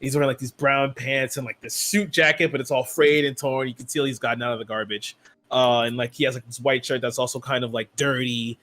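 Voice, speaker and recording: A man's voice: mid-range voice, little pitch movement, brisk, a bit bright. Rambling man running a tabletop game. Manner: rambling, full of "like" and "um" fillers. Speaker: game master.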